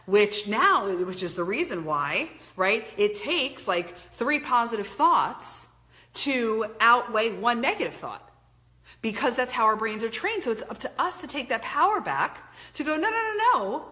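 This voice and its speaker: A middle-aged woman coaching her viewers live, emphatic and casual enough to swear. Her voice sits fairly high and sounds bright and forceful, and her pitch swings widely as she drives each point home. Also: very animated, unhurried. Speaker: life coach hosting a live stream. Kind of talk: motivational live-stream talk, reading viewer comments. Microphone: webcam or phone mic.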